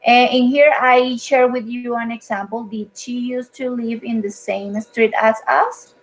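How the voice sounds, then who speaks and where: A woman teaching an online English grammar lesson over a video call. She explains patiently and fills pauses with "uh" and "um". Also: a little high, fairly even intonation, rough recording. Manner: patient, explanatory, with frequent fillers.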